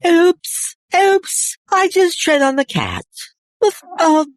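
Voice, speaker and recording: A man doing a squeaky, prissy falsetto character. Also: huge pitch swings, slow pace, dry recording, exaggerated voice. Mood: huffy.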